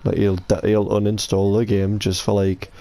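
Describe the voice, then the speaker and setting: Young British gamer, low gravelly voice, sweary banter, rambling delivery. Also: male voice, level tone, normal speed, warm tone. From United Kingdom. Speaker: streamer playing with friends. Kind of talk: casual gaming chat.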